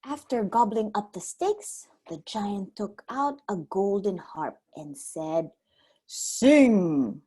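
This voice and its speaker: A woman preschool teacher reading a storybook aloud to children in an expressive storytelling manner. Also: mid-range voice, slow, hardly any pauses, breathy edge.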